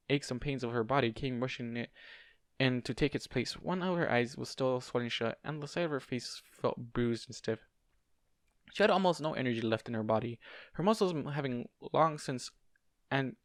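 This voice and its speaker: A man reads a fan story aloud in an amateur audiobook style, with a mid-pitched, ordinary voice. He trips over words and restarts them, and now and then breaks off for a casual aside. The sound is dry and close to the mic. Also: lively intonation, normal speed, dry recording. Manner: stumbles and corrects himself, adds casual asides. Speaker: fanfiction reader.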